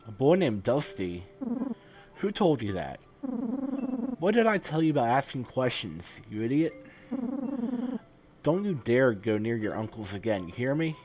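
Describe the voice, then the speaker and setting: A man voicing a cruel middle-aged father who shouts contemptuous scolding at his son. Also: medium pitch, big pitch swings, a little slow, pauses often, soft background music. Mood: angry.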